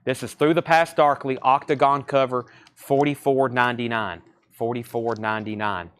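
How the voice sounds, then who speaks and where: A man with a Southern accent hosting a live record sale, listing titles and repeating prices in quick sales patter. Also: medium pitch, a bit bright, smooth. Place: record shop surrounded by crates.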